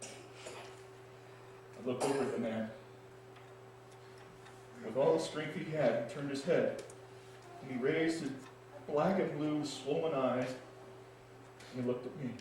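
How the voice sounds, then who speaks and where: An actor playing a freed male prisoner, shaken and awestruck, in an intense dramatic stage monologue with halting pauses, recorded in an echoey hall from a distance. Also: mid-range voice, darkish tone, a little hiss or hum, lightly acted. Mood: haunted. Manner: intense, halting, heavy pauses between phrases.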